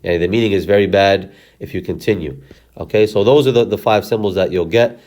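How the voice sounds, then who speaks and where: A lower-voiced man teaching Quran recitation. He walks his viewers through each step patiently, pausing to ask "okay?" before moving on. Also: darkish tone. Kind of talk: instructional explanation with recitation. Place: recorded lesson video.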